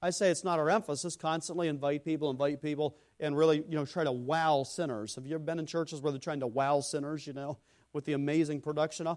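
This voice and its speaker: A man preaching a sermon to a congregation. He builds to loud emphatic phrases, then drops into quiet, low asides, and addresses listeners by name. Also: fairly even intonation, quick pace. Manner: speaks to congregation members by name. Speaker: pastor.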